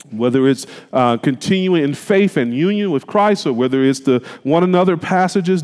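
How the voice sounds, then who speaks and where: A man's voice: a little high, darkish tone. A man preaching a sermon, emphatic and colloquial, putting rhetorical questions to the congregation. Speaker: pastor. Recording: long reverb of a hall.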